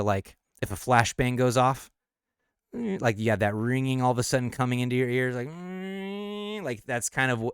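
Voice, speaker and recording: A man's voice: medium pitch, expressive, brisk, clean tone, dry recording, studio quality. A man on a casual late-night livestream, thinking aloud as he explains the lyrics of his own song. He restarts and corrects himself often and laughs easily between thoughts.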